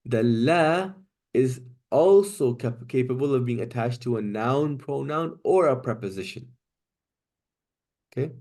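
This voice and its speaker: A man's voice: mid-range voice, animated, unhurried, darkish tone. A man teaching an online class, explaining step by step and often checking in with "right?" and "okay?". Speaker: Quranic Arabic teacher.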